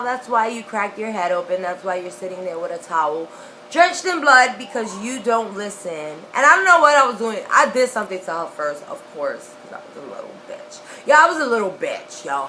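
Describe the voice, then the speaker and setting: A young woman telling a personal story in a casual, profane, animated way. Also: mid-range voice, slight background noise, rough recording. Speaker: vlogger.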